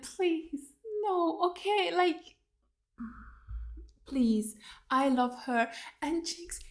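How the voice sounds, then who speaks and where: A woman hosting a reaction video, talking in a casual, excitable way and swearing freely as she comments. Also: high voice.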